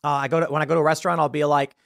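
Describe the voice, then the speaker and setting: A man's voice: fairly high pitch, little pitch movement, racing, vocal fry, fairly bright tone, no echo, clean studio sound. A man hosting a podcast, delivering an exasperated opinion rant with frequent laughs and repeated words. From United States. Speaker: podcast host.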